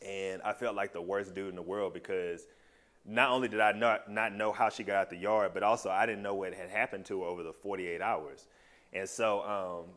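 A man sharing a personal testimony with a small group, telling his story in a loose, animated and heartfelt way. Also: low-pitched, normal speed.

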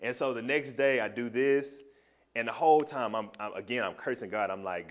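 A man sharing a personal testimony with a small group, telling his story in a loose, animated and heartfelt way. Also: mid-range voice, normal speed.

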